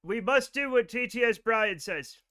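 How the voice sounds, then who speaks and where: High, bright-voiced joking male streamer. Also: animated, moderate pace. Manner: joking, profane, rambling talk to chat. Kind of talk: live gameplay stream chatter.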